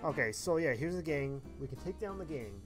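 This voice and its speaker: A man's voice: a little high, expressive, fairly quick, poor audio. A man streaming a game live, commenting in crude, profane, laughing banter. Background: game music.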